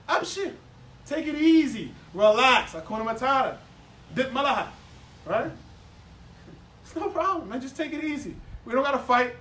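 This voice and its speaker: Man, high voice, animated teacher working a room; recorded from afar in an echoey hall. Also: recorded from a distance. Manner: animated, playful, repeats words for emphasis, laughs often. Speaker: Islamic teacher giving a class. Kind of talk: lively classroom lesson with audience questions. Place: classroom or hall with a live audience.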